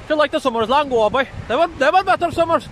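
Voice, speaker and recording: A man playing a gruff old Kerryman. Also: very high voice, lively intonation, fast, fairly bright tone, poor audio. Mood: gruff teasing. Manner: gruff, cursing, teasing. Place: outdoors at a windy beach. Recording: wind and waves noise. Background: wind and surf.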